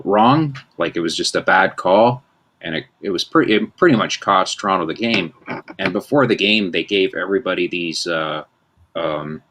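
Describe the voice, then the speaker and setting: Host, male, 50s, very deep voice, rambling self-deprecating storyteller. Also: a bit bright. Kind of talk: casual anecdote-telling chat.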